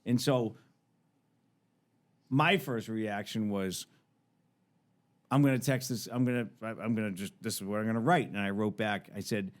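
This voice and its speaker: A man's voice: fairly low pitch, fairly even intonation, normal speed, pauses often. A man in his thirties, a podcast guest, telling a story in casual chat, swearing freely and acting out both sides of phone calls.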